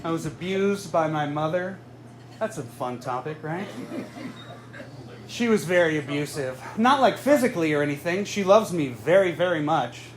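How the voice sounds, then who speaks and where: Male comic in his thirties, high voice, dry self-mocking stand-up, live room with noisy ambience. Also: normal speed. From Southern California. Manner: deadpan, self-mocking delivery. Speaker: stand-up comedian. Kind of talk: stand-up comedy set. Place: live comedy venue with audience. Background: audience laughter.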